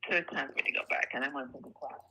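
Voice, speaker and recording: A woman's voice: rumbling low, racing, noisy background. Blunt older woman on a phone line. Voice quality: soft, light voice. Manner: blunt, straightforward, laughs often. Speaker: home seller on a phone call. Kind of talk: casual phone conversation.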